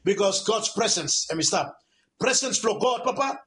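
A man's voice: high voice, lively intonation, moderate pace, pushed and bright, slight background noise. A man from Vanuatu with a Vanuatu accent preaching a radio sermon, emphatic and repetitive, stacking up his phrases.

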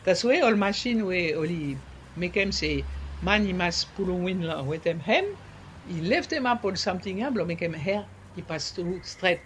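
A man talks in a casual interview, slipping in French words and pausing to find the right ones. His voice sits high, and a faint noise hums behind him. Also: fairly bright tone. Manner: searching for words, many fillers. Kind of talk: casual conversation.

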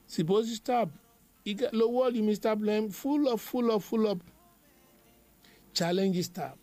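A man leads a devotional sermon, his voice sitting fairly high. He drives his message through rhythmic, emphatic repetition, and soft music plays quietly behind him. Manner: repetitive, emphatic preaching cadence. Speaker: preacher.

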